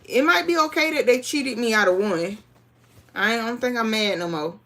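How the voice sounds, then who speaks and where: A woman's voice: fairly high pitch, normal speed, a bit bright. A woman hosting a live sewing stream, chatting casually with viewers and reading the chat aloud. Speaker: crafting livestream host.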